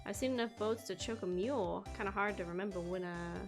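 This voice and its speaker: A woman's voice: medium pitch, fast, lightly acted. A brash, folksy young Southern woman from a game, as a woman streamer puts her on, drawling in a Southern US accent. She talks big and easy, with game music playing behind. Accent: Southern US, put on.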